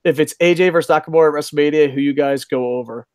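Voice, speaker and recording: A man's voice: on the high side, very fast, a little mellow, smooth, no room sound, clean studio sound. Profane, joking middle-aged man. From lives in Japan. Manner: profane, joking, laughs often. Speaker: podcast host reading chat. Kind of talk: casual live-stream chat.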